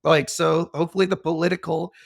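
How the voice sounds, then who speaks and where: A man with a gravelly voice and slightly high pitch, sharing gossipy, playful updates in casual podcast banter. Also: level tone, fast talker.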